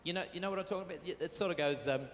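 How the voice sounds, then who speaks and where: Talking very fast in a higher-pitched voice, an Australian showman teases a live crowd from a fair stage in a chatty, cheeky way. His corded stage mic picks up slight background noise, along with the reverberant venue and band playing.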